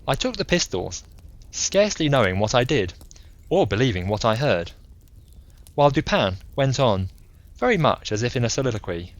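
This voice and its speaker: A man narrating a classic story as a calm bedtime audiobook. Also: medium pitch, moderate pace, long pauses, dull audio.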